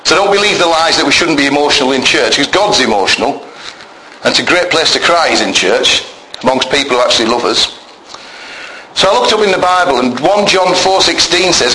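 A man's voice: mid-range voice, very animated, brisk, bright, forceful tone, a little hiss or hum. A man preaching a sermon in a church, emphatic and conversational, often asking the congregation questions. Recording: echoey church room with faint ambience.

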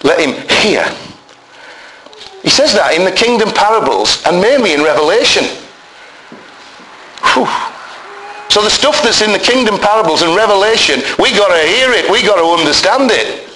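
Hoarse guy preaching, higher voice, kinda bright and punchy, echoey room w faint hiss. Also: moderate pace. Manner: animated, emphatic, rising to near shouts. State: hoarse voice, bad chest. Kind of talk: sermon. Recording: roomy echo, faint noise.

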